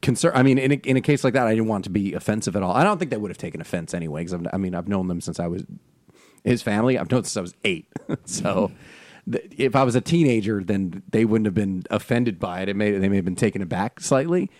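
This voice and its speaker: A man co-hosting a casual chat, animated and laughing often, talking fast. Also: fairly low pitch, no room sound, studio quality. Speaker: podcast co-host. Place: Los Angeles area.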